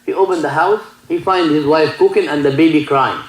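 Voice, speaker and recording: A man with an Egyptian Arabic accent, a native Arabic speaker, preaching a sermon and telling stories in halting English full of restarts. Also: fairly high pitch, echoey room, poor audio. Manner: broken English, many restarts, mixes in Arabic. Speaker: sheikh giving a talk. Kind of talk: sermon with storytelling.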